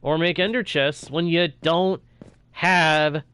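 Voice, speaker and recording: A man's voice: on the high side, steady tone, slow pace, a bit bright, smooth. A young man talking casually over his own gameplay as a streamer, reacting aloud to what happens on screen. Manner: chatty, reacts aloud while playing. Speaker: gaming streamer.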